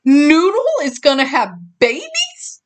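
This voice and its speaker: Raccoon mother, proud and reassuring, bright and lively, by a woman. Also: mid-range voice, normal speed.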